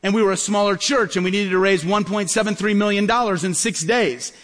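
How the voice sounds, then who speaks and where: A man preaching a sermon as pastor, telling stories quickly and acting out the dialogue. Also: high voice, fairly bright tone. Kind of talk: sermon storytelling. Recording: long hall reverb.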